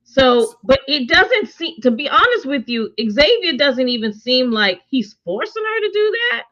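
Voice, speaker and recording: Chatty woman with a bright, dull-sounding voice. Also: sits high, measured pace. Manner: conversational, animated, quotes characters in her own voice. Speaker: show co-host reviewing a TV series. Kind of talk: casual review chat.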